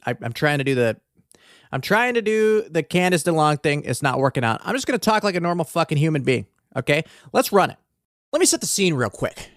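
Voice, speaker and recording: A male podcaster talks loosely and crudely, drifting off into jokes and tangents as he works through a true-crime story. His voice sits a little high for a man. The sound is close and dry from a desk microphone. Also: big pitch swings, a little fast, dry recording. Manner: rambling, profane, joking asides. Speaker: podcast host. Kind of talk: casual comedic true-crime podcast monologue. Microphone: desk podcast mic.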